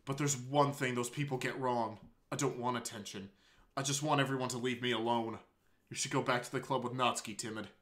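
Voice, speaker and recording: A man voicing a shy, anguished teenage girl in a tearful, halting confession while reading a visual novel aloud. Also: mid-range voice, fairly even intonation, fairly bright tone, lightly acted.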